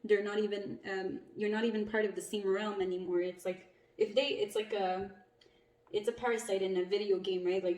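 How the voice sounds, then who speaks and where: A woman's voice: mid-range voice, fairly even intonation, a little fast, a little mellow. A woman giving a casual, blunt tarot reading, swearing freely and laughing often. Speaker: tarot reader. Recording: echoey room, mic at a distance, faint noise.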